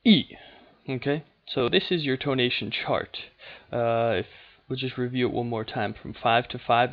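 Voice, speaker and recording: A man teaching a lesson off the cuff, explaining step by step in a patient, steady way with frequent pauses and fillers. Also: medium pitch, dull audio. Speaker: language teacher.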